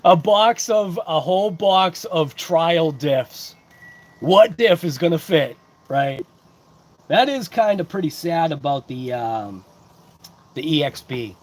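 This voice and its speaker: Slow and expressive, this slightly high male voice belongs to the host of a hobby livestream. It's a casual live-chat unboxing where he meanders in his talk and welcomes viewers from chat by name.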